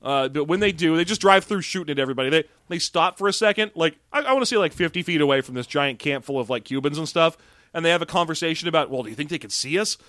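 A man co-hosting a casual podcast, recapping a movie in an animated, sarcastic way with quick asides. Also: a little high, no room sound, clean studio sound. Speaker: podcast co-host.

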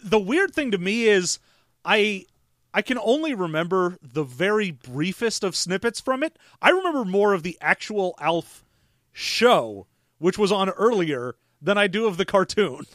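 Male co-host, high and very lively voice, exasperated and profane, dry close sound. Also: a little slow, no room sound. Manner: exasperated, swearing, jumps into silly voices. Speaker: podcast co-host. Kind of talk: casual chat.

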